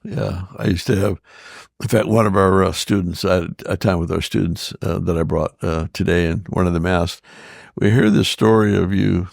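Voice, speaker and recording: Gravelly older man, gentle and unhurried. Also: low-pitched, steady tone, no echo, clean studio sound. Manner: gentle, thoughtful storyteller with frequent restarts. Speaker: pastor, interview guest. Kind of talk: relaxed conversational interview.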